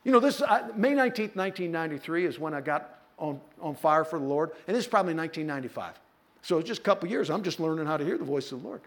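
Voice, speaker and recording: A man's voice: a little high, animated, fast. A middle-aged man pastor preaching a sermon, telling a personal story with playful asides to his congregation. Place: church.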